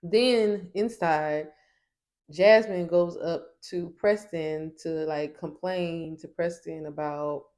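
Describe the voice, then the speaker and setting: A woman's voice: fairly low pitch, slow pace, a little mellow. A woman reviewing a TV show in a casual recap, sassy and emphatic.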